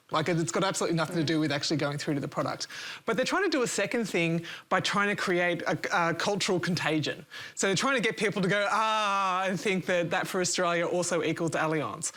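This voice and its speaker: Bright, brisk panelist explaining marketing. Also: medium pitch. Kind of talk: analytical panel discussion. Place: TV studio.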